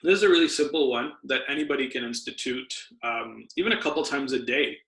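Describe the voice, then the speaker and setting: A man's voice: medium pitch, quick pace, vocal fry, fairly bright tone. A man, a doctor, patiently explaining health tips as a podcast guest. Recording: roomy echo.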